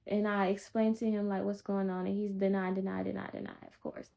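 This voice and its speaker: A woman telling a personal testimony in a calm, blunt, straightforward way. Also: mid-range voice, brisk, gravelly. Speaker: vlogger sharing a personal testimony. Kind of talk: casual storytelling. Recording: dull lo-fi recording.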